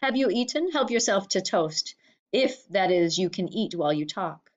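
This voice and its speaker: A woman reading the part of a brisk, curious doctor whose voice is hoarse and husky, asking quick questions. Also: mid-range voice, lively intonation, lightly acted. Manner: brisk, questioning, kindly commanding. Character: British country doctor, middle-aged man, brisk and curious. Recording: slightly dull lo-fi recording.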